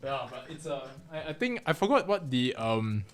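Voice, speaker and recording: A man with a mid-pitched voice, relaxed as co-host of a casual food chat. He drops dry, offhand remarks at an easygoing pace. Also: normal speed. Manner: laid-back, dry asides. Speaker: podcast co-host.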